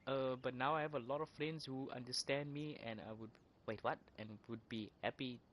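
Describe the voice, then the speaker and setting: A woman's voice: extremely low pitch, fairly even intonation, brisk, slight background noise. A woman streaming a game, cracking profane jokes and ranting in mock outrage at the characters. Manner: profane, joking, mock-indignant; rambling with repeated words. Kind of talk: casual gaming commentary.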